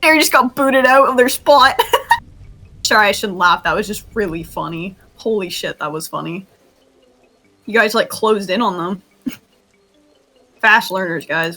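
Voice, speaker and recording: A woman's voice: mid-range voice, animated, measured pace, long pauses, bright, forceful tone. A woman leading a group roleplay training, giggly and often laughing as she gives instructions, with bouts of coughing. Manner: coughing fits. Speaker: training host.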